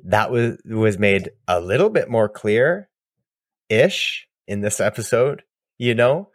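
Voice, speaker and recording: Casual podcast co-host, male, animated, restarts a lot, dry mic. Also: on the high side, no room sound. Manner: excitable, laughing, rambling with restarts. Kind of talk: casual chat.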